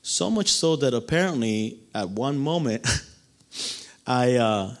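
A man preaching a sermon, telling a personal story with animated delivery and acted-out voices. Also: mid-range voice, takes it slowly.

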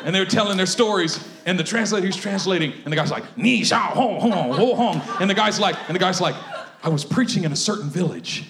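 Animated high-voiced preacher in echoey room. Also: male voice, quick pace, creaky, a crowd in the background. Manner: animated, swings from hushed to shouting, laughs often. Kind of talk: sermon storytelling.

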